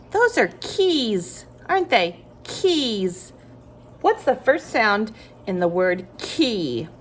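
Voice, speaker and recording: Woman, phonics teacher, very slow, animated sing-song delivery, encouraging prompts. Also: on the high side, a little hiss or hum. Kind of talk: phonics lesson for young children.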